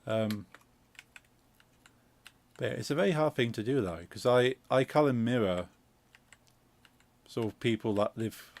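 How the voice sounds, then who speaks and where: Gravelly Midlands-accented man chatting. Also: mid-range voice, unhurried, pauses often, darkish tone. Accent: English Midlands. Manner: rambling, explanatory, many fillers and restarts. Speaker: streamer host. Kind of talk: casual chat while gaming.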